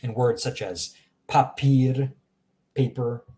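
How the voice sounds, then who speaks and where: A man hosts a casual language lesson, walking through letters at an unhurried pace. His voice is mellow and low-key, and he chats with his viewers and laughs easily as he goes. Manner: relaxed, chatty, laughs often, reacts to viewer examples. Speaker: language teacher.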